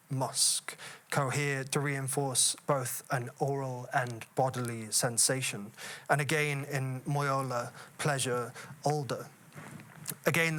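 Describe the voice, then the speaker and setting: A man, a poet, giving an academic lecture and reading poetry aloud. He speaks in a measured, thoughtful way with frequent "uh" fillers and slows down to savour quoted words. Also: mid-range voice, a bit bright.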